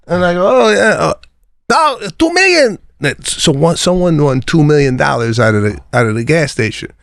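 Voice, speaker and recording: A man's voice: on the high side, moderate pace, dry recording, studio quality. A man co-hosting a comedy podcast, telling stories with acted-out dialogue. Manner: animated storyteller, acts out dialogue. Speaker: podcast co-host. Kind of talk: casual comedic storytelling.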